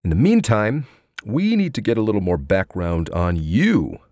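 A man's voice: lowish voice, big pitch swings, moderate pace, a little mellow, no room sound, pitched above the performer's own voice. A man voicing a mocking detective. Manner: mocking, probing questions. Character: sardonic needling male police detective. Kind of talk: audiobook character voice.

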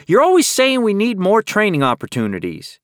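A man's voice: sits high, huge pitch swings, brisk, no echo, studio quality, pitched above the performer's own voice. A man voicing an eager young male deputy who protests and complains in a whining tone. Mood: whiny.

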